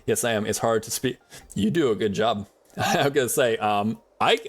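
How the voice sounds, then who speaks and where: A man's voice: on the low side, normal speed. A man streaming a survival game, chatting loosely with viewers and talking to items in the game, in a rambling, chatty way. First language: English is his only language. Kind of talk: casual gameplay commentary.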